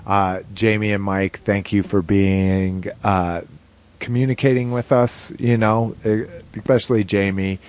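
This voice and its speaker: A man co-hosting a casual podcast, talking in a relaxed, rambling way with lots of fillers and some swearing. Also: fairly low pitch, unhurried. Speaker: podcast co-host.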